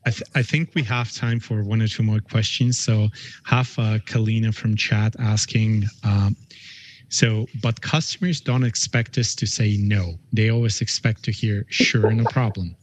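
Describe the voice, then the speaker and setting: A man's voice: lowish voice, steady tone, measured pace. A man moderating a conference session and hesitantly reading out a question from the chat. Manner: hesitant, many fillers.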